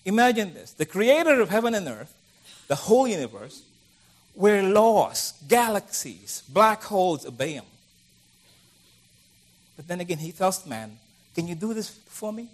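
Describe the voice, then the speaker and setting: A man's voice: high voice, big pitch swings, unhurried. A middle-aged man preaching a conversational sermon, acting out the voices of the people he quotes.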